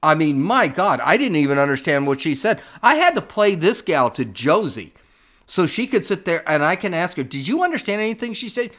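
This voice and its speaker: A male podcast host delivers scornful, opinionated commentary, often stumbling and restarting his sentences. His voice sits high and swings widely in pitch. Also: big pitch swings, fairly quick, fairly bright tone.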